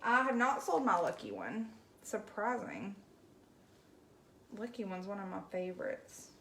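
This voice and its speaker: A woman's voice: medium pitch, sing-song, unhurried, creaky, a bit bright, echoey room, slight background noise. A woman from Alabama with a Southern accent, chatting casually on a livestream as she paints and answers viewer comments in a folksy way. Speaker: craft livestream host.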